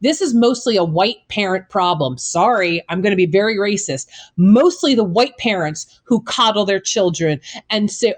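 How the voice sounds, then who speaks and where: A woman's voice: medium pitch, lively intonation, normal speed, few pauses. A woman teacher co-hosting a casual talk show, ranting bluntly with lots of swearing. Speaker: co-host, teacher. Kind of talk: casual podcast chat.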